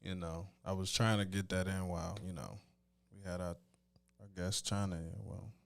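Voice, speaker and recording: A man talking in casual podcast chat, weary and deadpan as he airs a complaint. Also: low-pitched, moderate pace, vocal fry. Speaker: podcast co-host.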